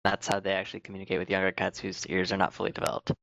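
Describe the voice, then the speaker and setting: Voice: low-pitched, completely flat delivery, racing, gravelly, a bit bright, no echo, highs cut off. A player at a tabletop game sharing a fact in a matter-of-fact way. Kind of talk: casual chat at a tabletop game.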